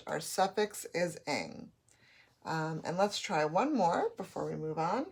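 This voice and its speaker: A woman teacher giving a slow, patient phonics lesson to young children, spelling out letters as she goes. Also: fairly low pitch.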